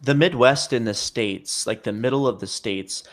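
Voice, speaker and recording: A man's voice: mid-range voice, normal speed. A man co-hosting a talk show, speaking casually and filling his talk with "like". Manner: casual, talkative with many "like"s.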